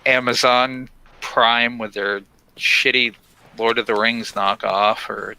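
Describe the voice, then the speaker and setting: A man chatting casually on a stream, blunt and profane as he complains. His voice is gravelly and very bright and sharp-edged. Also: medium pitch, steady tone, slow pace, poor audio. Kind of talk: casual chat.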